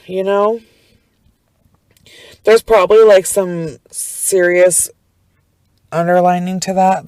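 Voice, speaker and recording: A woman's voice: lowish voice, darkish tone, dry recording, low-quality recording. A young woman hosting a podcast, ranting in a casual, profane, rambling way with frequent restarts. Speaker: podcast host.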